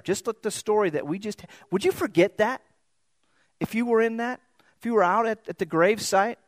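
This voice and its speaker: A man's voice: a little high, dry recording. A man preaching a sermon in a conversational, storytelling way, often repeating words as he searches for them.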